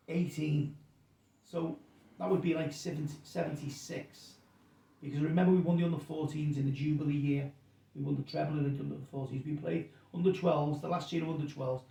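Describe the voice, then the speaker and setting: A man's voice: on the high side, gravelly, dark tone. A man, telling an anecdote in a rambling, self-correcting way and acting out the quotes. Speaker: guest storyteller. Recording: roomy sound, distant mic.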